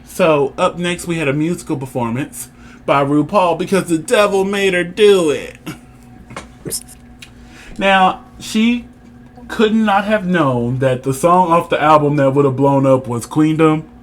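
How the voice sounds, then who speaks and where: A male co-host with a slightly raised pitch, chatting through a casual show review. He leads the conversation, animated and teasing, with a faint hum of room ambience behind him. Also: a little slow. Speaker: podcast co-host.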